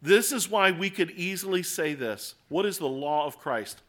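A man's voice: sits high, expressive, normal speed, a bit bright. A man with an American accent preaching a sermon in an earnest, conversational way, full of rhetorical questions. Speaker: pastor.

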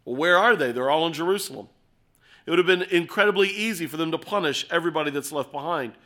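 A middle-aged man preaching an expository sermon, earnest and animated, acting out little scenes as he explains the text. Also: fairly high pitch, fast talker.

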